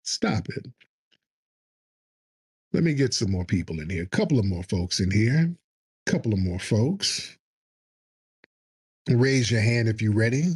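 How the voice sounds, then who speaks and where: A man's voice: medium pitch, a little mellow, husky. A man hosting a call-in livestream show, talking in a combative, mocking way. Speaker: host.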